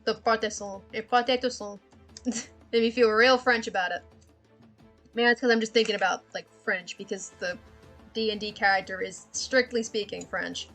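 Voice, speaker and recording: A woman's voice: medium pitch, steady tone, moderate pace, fairly bright tone, soft background music. A woman streaming while she draws, chatting casually in a rambling way, swearing and laughing often. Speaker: art streamer. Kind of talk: casual livestream chat while drawing.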